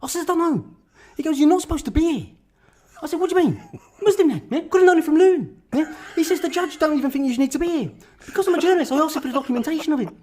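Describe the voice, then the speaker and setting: A man doing a parody impression of an activist, telling absurd stories in deadpan and tagging nearly every sentence with a questioning "yeah?". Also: very high-pitched, rapid-fire, pitched above the performer's own voice. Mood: earnest deadpan.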